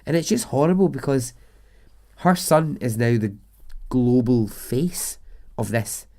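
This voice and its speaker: Mellow-voiced man telling a story. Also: mid-range voice, animated, a little slow. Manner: chatty, swears, laughs at absurd details. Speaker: podcast host and storyteller. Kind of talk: casual storytelling narration.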